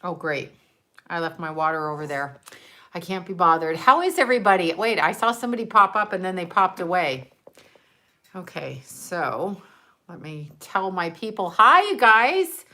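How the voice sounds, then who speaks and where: A woman with a bright, clear-edged voice talks casually to her viewers on a live stream. She is chatty, effusive and a little scattered, and she speaks from indoors at home into a camera mic. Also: fairly low pitch, moderate pace. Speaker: livestream host.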